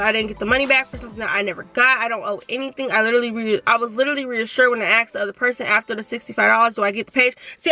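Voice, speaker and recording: High, bright-voiced young woman telling a story. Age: 20s. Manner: animated, reads messages aloud, talks fast. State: sore throat. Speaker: vlogger. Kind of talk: casual storytime.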